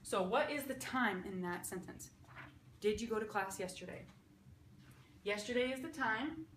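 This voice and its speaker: A woman's voice: medium pitch, animated, moderate pace, a bit bright. Upbeat woman teaching in an echoey room. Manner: upbeat, explains step by step, often checks with "okay?". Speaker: sign language teacher. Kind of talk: casual teaching at a whiteboard. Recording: echoey room, faint background noise.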